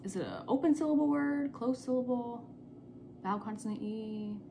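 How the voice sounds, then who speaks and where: A young woman teaching a remote spelling lesson to young children, slowly repeating each word and spelling it out letter by letter. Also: fairly high pitch, gravelly, warm tone, a little hiss or hum. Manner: slow, patient, repeats words and spells them letter by letter.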